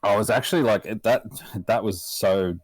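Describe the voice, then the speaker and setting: A man's voice: on the low side, normal speed, no echo. A young Australian man, a podcast guest, chatting casually, rambling and swearing with little chuckles.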